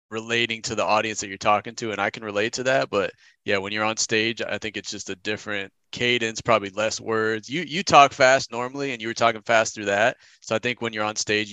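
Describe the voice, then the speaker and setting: An easygoing man co-hosting a podcast over a call. His voice sits a bit low but has a bright, forceful edge. The sound is dry and close. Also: steady tone, fairly quick, clear, resonant tone, no room sound. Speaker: podcast co-host. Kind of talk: casual podcast chat. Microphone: remote call mic.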